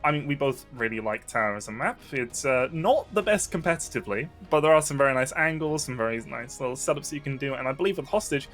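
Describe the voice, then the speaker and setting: A man casts a live esports match, measured and dryly teasing, his pitch in the middle of the usual range. Faint music runs underneath. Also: lively intonation, a bit bright. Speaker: esports caster. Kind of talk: live tournament commentary.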